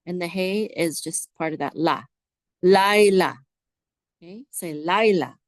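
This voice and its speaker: A woman teaching biblical Hebrew word by word, slowly sounding out letters and asking listeners to repeat after her. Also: on the low side, dry recording. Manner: slow, drawn-out repetition, prompting listeners to say words back. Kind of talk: slow, patient word-by-word Hebrew lesson.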